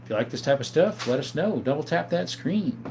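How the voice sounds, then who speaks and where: A man's voice: fairly high pitch, animated, brisk, creaky, a little mellow, a little hiss or hum. A middle-aged man hosting a casual livestream on his phone. He chats, laughs often and reads viewer comments aloud. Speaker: livestream host.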